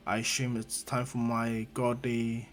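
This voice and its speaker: A man's voice: mid-range voice, completely flat delivery, measured pace, close to an everyday voice. A man voicing an earnest, polite young man who has just become a god, in a casual fan story retelling. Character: young male newly made god.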